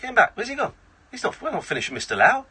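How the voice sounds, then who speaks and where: A man hosting a late-night comedic radio phone-in in a studio, animated and playfully exasperated. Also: very high voice, fast, breathy edge. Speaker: radio host. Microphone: studio microphone.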